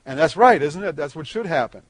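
A man's voice: animated, a little fast, no room sound. Dry-voiced man teaching a Bible passage. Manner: explains verse by verse, conversational with fillers; rises in pitch and volume on emphatic points. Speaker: preacher.

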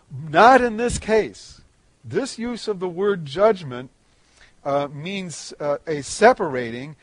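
A man with a slightly higher voice teaching a Bible passage in a sermon. He explains each verse plainly and conversationally, pushing his voice up on emphatic points. The recording is dry and close. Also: no room sound. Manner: rises in pitch and volume on emphatic points. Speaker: preacher.

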